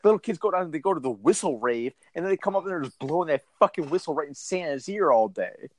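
A man co-hosting a comedy podcast, riffing on a news story in a lively, profane way. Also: fairly high pitch, fast. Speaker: podcast co-host. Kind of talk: casual comedic chat.

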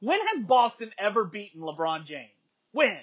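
A man's voice: sits high, big pitch swings, moderate pace, a bit bright, highs cut off. A man co-hosting a casual sports chat, blunt and opinionated, ranting with swearing. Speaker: podcast co-host.

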